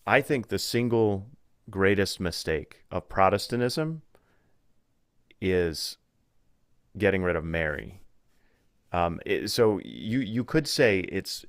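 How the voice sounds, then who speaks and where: A man talking as a podcast guest in a casual conversation, thinking aloud with restarts and growing animated when he retells stories. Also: deep voice, smooth, dry recording, studio quality. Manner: thoughtful, with frequent restarts and fillers.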